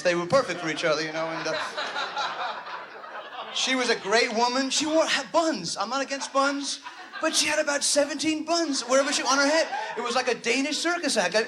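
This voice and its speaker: High-voiced neurotic male stand-up comic. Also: noisy background. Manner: neurotic, rambling, self-interrupting. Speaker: stand-up comedian. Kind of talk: stand-up comedy routine. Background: audience laughter.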